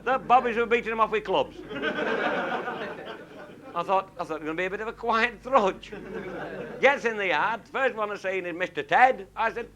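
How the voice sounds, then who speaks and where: A man's voice: high-pitched, normal speed, long pauses, a crowd in the background. A man telling a comic story to a live audience in a blunt, earthy, chuckling way. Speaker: comic raconteur. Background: audience laughing.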